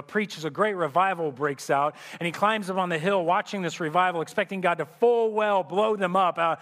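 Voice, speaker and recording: A man's voice: high-pitched, a bit bright. A male pastor preaching a sermon, telling a story vividly and often restarting his phrases. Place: church sanctuary. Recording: echoey church hall reverb.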